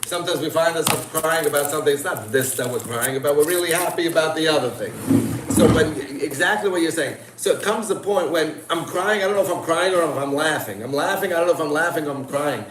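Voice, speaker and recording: A man's voice: on the high side, fast. A man in a casual livestream conversation, reflective and laughing as he talks. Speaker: participant in a group chat. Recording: echoey room, far from mic, noisy.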